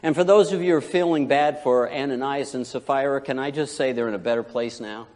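A man preaching a sermon as pastor, animated, swinging from loud preaching to quiet asides. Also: mid-range voice, brisk, long reverb tail.

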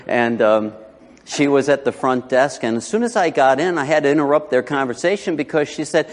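Man, pastor, sermon, folksy storytelling, emphatic, mid-pitched, long hall reverb. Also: expressive, fairly quick. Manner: storytelling, folksy asides, rising to emphatic preaching. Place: church sanctuary.

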